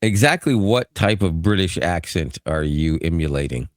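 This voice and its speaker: A man co-hosting a podcast in casual chat, excitable and quick to laugh, often repeating words. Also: sits low, no echo, clean studio sound. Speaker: podcast co-host.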